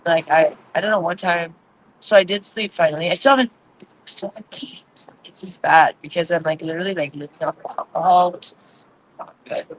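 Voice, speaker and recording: A woman in her forties chatting candidly on a livestream, rambling and confessional, filmed outdoors on a quiet city street at night with a phone on a tripod. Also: on the low side, a little fast, a little hiss or hum, rough recording. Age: 40s. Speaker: vlogger hosting a livestream. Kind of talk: casual livestream chat. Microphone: phone on a tripod, no earphones.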